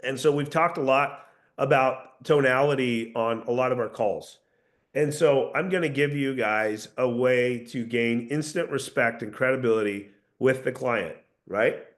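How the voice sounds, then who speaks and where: A man's voice: mid-range voice, measured pace. A man coaching a sales team in a casual, earnest talk, often restarting his sentences. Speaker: sales trainer.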